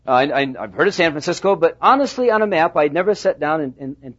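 A pastor preaching a sermon, telling a folksy story with halting restarts. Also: male voice, fairly high pitch, animated, fairly bright tone. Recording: dull lo-fi sound.

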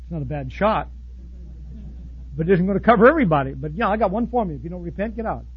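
A man preaching a sermon in a blunt, folksy way, swinging from loud outbursts to soft asides. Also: sits high, lively intonation, quick pace, lo-fi sound, slight background noise. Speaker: pastor.

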